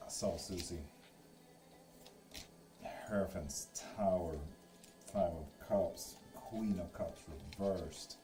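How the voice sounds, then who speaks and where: Low, mellow-voiced man swearing through tarot chat. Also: takes it slowly, pauses often, faint music behind. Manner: reads chat comments aloud and swears often; joking and teasing. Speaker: live-stream tarot reader. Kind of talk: casual live-stream chat.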